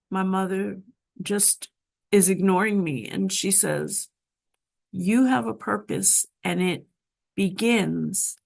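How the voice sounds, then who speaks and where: A woman guest telling a deeply personal story with emotion, acting out the voices of people in it. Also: vocal fry. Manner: emotional, dramatic retelling with voiced quotes.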